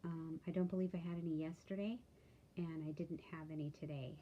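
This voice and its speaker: A tired woman talking candidly in a casual video diary, with halting speech and many pauses and fillers. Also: deep voice, steady tone, muffled recording, slight background noise. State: tired, yawning. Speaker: vlogger.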